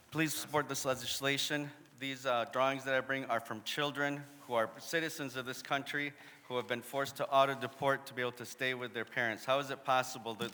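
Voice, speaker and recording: A man's voice: mid-range voice, sharp tone, a little hiss or hum. A man interpreting a speaker's testimony into English at a council meeting, earnest with some hesitation. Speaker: interpreter at public comment. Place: large council chamber. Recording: long hall reverb.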